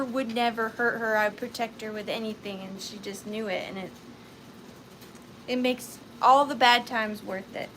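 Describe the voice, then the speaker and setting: Bright-voiced chatty woman hosting a sale. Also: measured pace, a little hiss or hum, poor audio. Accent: Southern US. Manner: chatty and upbeat, with high squeals. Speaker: live sale host. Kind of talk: casual live-stream selling chat.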